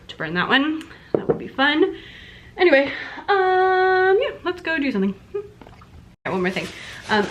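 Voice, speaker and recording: A woman's voice: medium pitch, background noise. A young woman and schoolteacher chatting casually to camera in a vlog, bubbly and full of asides. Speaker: vlogger and schoolteacher.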